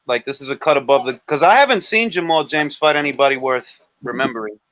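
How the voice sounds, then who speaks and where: Man, boxing stream host, lively pitch swings, bright forceful voice, dry sound. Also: fast talker, no room sound. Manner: animated, joking, blunt. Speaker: livestream host. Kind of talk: casual boxing chat.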